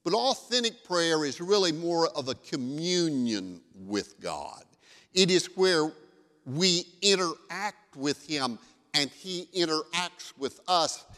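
A man's voice: on the high side, expressive, takes it slowly, fairly bright tone, in a large hall. A male pastor giving a sermon in a conversational, storytelling way.

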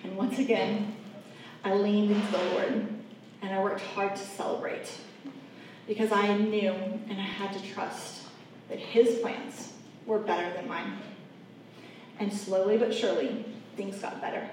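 A woman's voice: medium pitch, level tone, a little slow, pauses often, darkish tone. A woman giving an earnest, heartfelt faith testimony, talking straight to her audience. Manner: earnest heartfelt storytelling, addresses audience directly. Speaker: speaker sharing a personal testimony. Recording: echoey room, mic at a distance, faint background noise.

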